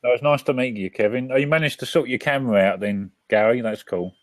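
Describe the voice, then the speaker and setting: A man's voice: mid-range voice, quick pace. A man with an English accent chatting easily on a video call through headphones, replying briefly. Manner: easygoing, brief replies. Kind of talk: casual chat.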